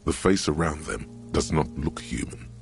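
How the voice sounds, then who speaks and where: A man narrating a video game in a measured, grim, gravelly voice. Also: faint music behind. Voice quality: gravelly, deep.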